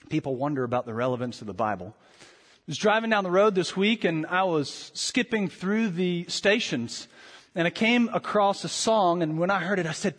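A man with a high voice preaches in a church sanctuary, pressing his listeners with rhetorical questions. He swings between forceful lines and hushed, intimate ones. His voice trails off into the long reverb of a large hall. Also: expressive, normal speed. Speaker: pastor. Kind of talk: sermon.

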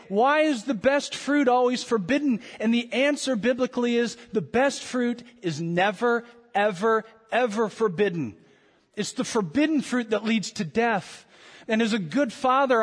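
Impassioned high-voiced male preacher, reverberant hall. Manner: impassioned, rhetorical questions, big swings from loud to hushed. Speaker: pastor. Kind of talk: sermon. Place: church sanctuary. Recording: long reverb of a large hall.

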